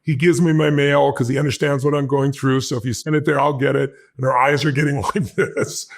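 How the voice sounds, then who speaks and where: Gravelly, husky man telling a fast story. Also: mid-range voice, level tone. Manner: fast, intense, acts out the dialogue in his anecdotes. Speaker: motivational speaker. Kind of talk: animated personal storytelling.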